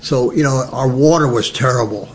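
An older man from New Jersey, telling his wartime memories as a lively storyteller who acts out the voices. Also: medium pitch, moderate pace, a little hiss or hum. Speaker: veteran recounting memories. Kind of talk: oral history storytelling.

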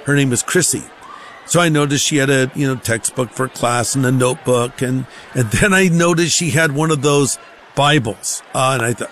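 A man's voice: mid-range voice, moderate pace, a bit bright, a little hiss or hum. A man giving a conversational personal testimony, acting out the voices of the people in his stories.

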